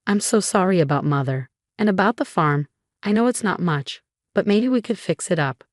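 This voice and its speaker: A gentle young husband, soft and apologetic, as a woman narrator reads him. The voice is lowish and dry. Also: expressive, moderate pace, no room sound, natural voice.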